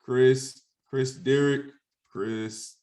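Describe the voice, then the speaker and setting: A man's voice: mid-range voice, fairly even intonation, very slow, warm tone. A young man telling a personal story in a casual, conversational way, often asking "right?" and acting out phone calls. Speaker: guest speaker.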